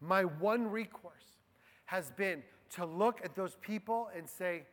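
Pastor, male, high voice, slow deliberate sermon delivery, long hall reverb. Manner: slow and deliberate, dropping soft on key phrases. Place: church.

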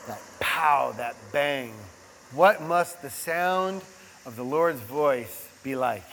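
A man's voice: on the high side, expressive, slow, in a large hall, background noise. A man preaching a sermon in a casual, conversational way, with frequent rhetorical asides to the congregation. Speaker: pastor.

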